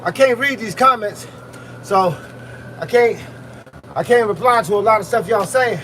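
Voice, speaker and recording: A man, a boxing fitness coach, live-streaming a workout outdoors in freezing wind, giving loud, punchy motivational talk while punching a heavy bag. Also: sits high, normal speed. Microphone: phone camera set at a distance. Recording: distant phone mic with wind noise.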